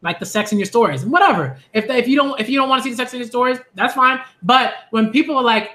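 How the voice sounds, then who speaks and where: A man giving a ranting commentary vlog on manga, animated and exasperated, repeating phrases for emphasis. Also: very high-pitched, quick pace, hardly any pauses.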